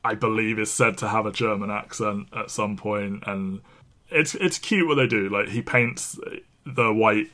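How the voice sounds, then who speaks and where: Lively bright-voiced male podcast co-host. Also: lowish voice, a little slow. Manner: animated, swearing, laughs often. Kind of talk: casual chat.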